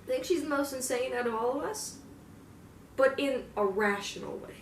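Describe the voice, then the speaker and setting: A woman's voice: high-pitched, normal speed, slight background noise. Young woman rambling in a roomy space. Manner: rambling and profane, with filler words. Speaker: fan roleplayer. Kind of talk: casual in-character monologue. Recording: roomy, distant mic, faint ambience.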